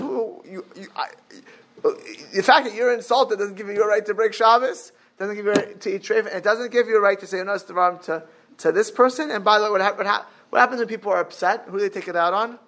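A man's voice: high-pitched, quick pace, a bit bright, a little hiss or hum. A man giving a religious lecture as a Torah teacher, talking animatedly with many restarts and Hebrew terms, and breaking into sudden exclamations.

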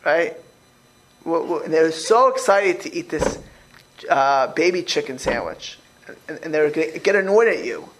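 Animated male rabbi teaching a class. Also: fairly high pitch, normal speed, slight background noise, rough recording. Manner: animated, repeats words, acts out quoted speech. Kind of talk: informal religious class with audience questions.

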